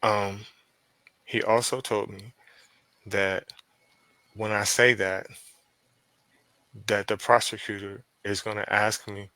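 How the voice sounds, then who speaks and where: A man with a Pennsylvania accent, a podcast guest telling a story in casual chat, profane and animated as he acts out quoted dialogue. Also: lowish voice, slow, pauses often, dry recording.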